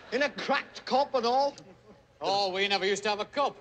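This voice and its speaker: A man's voice: sits high, a little slow, bright, forceful tone. An actor playing a wealthy older Yorkshire man who brags about his poor childhood, laughing at his own stories in a Yorkshire accent. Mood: boastful.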